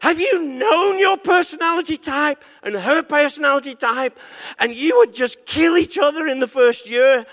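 A man playing an exasperated God who shouts his disbelief in slow, drawn-out phrases. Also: a little high, animated, in a large hall. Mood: incredulous. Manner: shouting, drawn-out incredulous exclamations. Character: exasperated God, incredulous booming father.

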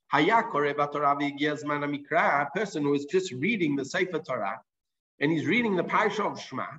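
A man with a high voice gives an explanatory Talmud lesson. He reads out the Hebrew and Aramaic phrases and then works through what they mean in English. The recording is dull and lo-fi. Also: fairly bright tone. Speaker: Talmud teacher.

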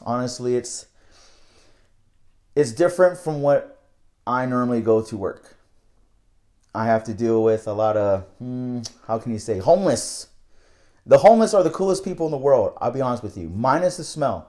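A man's voice: mid-range voice, darkish tone. A young man telling a casual, candid story about his night-shift work, rambling and swearing freely.

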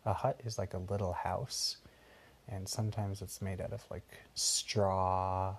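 A man's voice: sits low, level tone, a little slow, a little hiss or hum. A man patiently improvising a bedtime story for a child and explaining things along the way. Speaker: parent telling a bedtime story.

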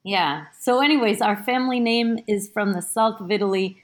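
A woman guest on a podcast, a teacher, chatting and explaining in a halting way with many restarts, heard over a remote call. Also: mid-range voice. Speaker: guest, teacher of Italian studies. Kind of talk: casual podcast chat.

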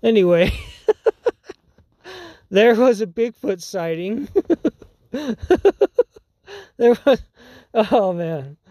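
A man's voice: sits high, big pitch swings, very slow, long pauses, dark tone, no room sound, clean studio sound. A man hosting his own podcast, talking in a rambling, casual monologue with frequent laughs and restarts. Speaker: podcast host.

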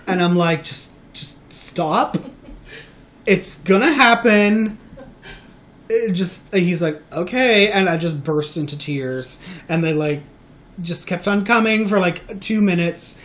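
Man, podcast host, casual chat, candid, halting, faint hiss behind. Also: fairly high pitch. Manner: candid, halting, many restarts.

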